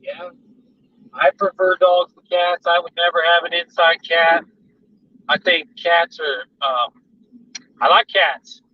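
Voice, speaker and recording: A man's voice: on the high side, fairly even intonation, slow pace, long pauses. A man vlogging from a moving car, rambling through casual chat and stories. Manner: rambling, chatty storytelling. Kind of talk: casual chat while driving. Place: car on a highway. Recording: distant, dull in-car recording with road noise.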